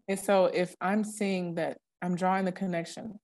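A woman's voice: fairly low pitch, steady tone, moderate pace, hardly any pauses, a little mellow. A young adult woman co-hosting a Christian podcast in casual chat, talking earnestly and leaning dramatically into the words she stresses. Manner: earnest, emphatic, dramatic when quoting scripture. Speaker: podcast co-host.

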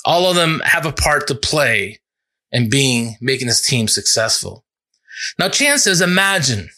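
A male pastor giving a sermon in an earnest, conversational way, building to emphatic peaks and dropping low for reflective points. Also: very animated, measured pace, pushed and bright. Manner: earnest, conversational preaching with restarts and rising emphasis.

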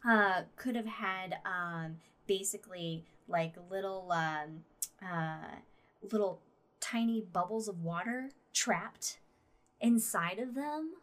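A woman co-hosting a relaxed podcast chat. She rambles through her points with plenty of fillers and breaks into laughs. Her voice sits at an ordinary middle pitch. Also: takes it slowly. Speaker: podcast co-host. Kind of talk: casual chat.

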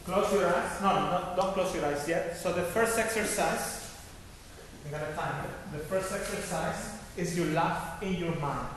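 This high-pitched yoga teacher runs a laughter meditation class unhurriedly, his tone fairly bright, issuing instructions and checking in again and again with "okay?". Echo from the hall and faint noise are audible.

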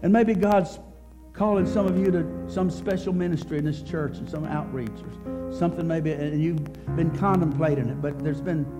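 A middle-aged male pastor preaching a sermon at a church service, telling a story in a halting way, often repeating words. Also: a little high, over music.

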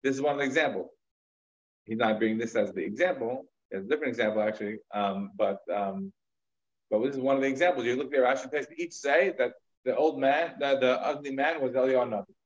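A fast-talking man of medium pitch, heard in lo-fi sound, is a rabbi giving a Talmud lecture. His retelling of a story is conversational, peppered with casual fillers and side remarks.

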